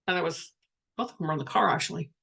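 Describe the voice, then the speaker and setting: A woman's voice: deep voice, rapid-fire, vocal fry, a bit bright, breathy edge. A woman speaking as a spiritual coach in a casual livestream, talking frankly and chattily and reading viewer comments aloud.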